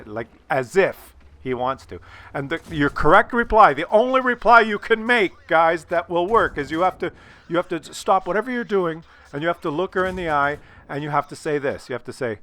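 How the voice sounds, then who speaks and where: A man's voice: on the high side, animated, brisk, bright, forceful tone. A middle-aged man hosting his own channel, giving sly, stammering advice to viewers and swearing freely. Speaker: channel host. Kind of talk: conspiratorial casual advice to viewers.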